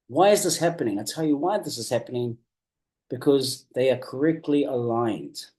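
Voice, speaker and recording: A man giving a motivational coaching talk, earnest and emphatic, repeating key phrases and slowing down to drive points home. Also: mid-range voice, expressive, darkish tone. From New Zealand. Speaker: business coach.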